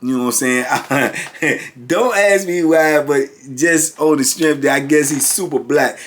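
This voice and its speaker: A man's voice: fairly high pitch, a little slow, a bit bright, a little hiss or hum. A man in his fifties, a former prisoner, telling stories in a casual, rambling way full of "you know". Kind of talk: casual storytelling.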